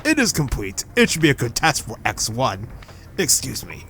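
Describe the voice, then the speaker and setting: A man voicing a generic old male conspirator in a video game, with a low, measured delivery. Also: wildly swooping pitch, fairly bright tone, a little hiss or hum. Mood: grim.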